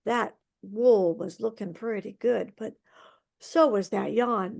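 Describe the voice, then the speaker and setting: Expressive woman telling a folk tale. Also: on the high side, slow pace, gravelly. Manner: lively, expressive, sound effects. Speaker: storyteller. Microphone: video call.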